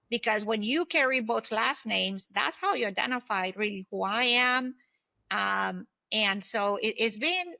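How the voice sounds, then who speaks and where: A woman's voice: fairly high pitch, sharp tone, no room sound. A woman in her fifties, an interview guest, telling long personal anecdotes in an earnest, reflective way. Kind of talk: conversational interview storytelling.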